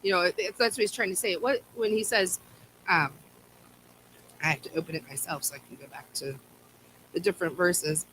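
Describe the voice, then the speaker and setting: Casual church Bible teacher, woman, bright and slightly high voice, faint background noise. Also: fairly even intonation, brisk, pauses often, low-quality recording. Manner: conversational, repeats words and restarts.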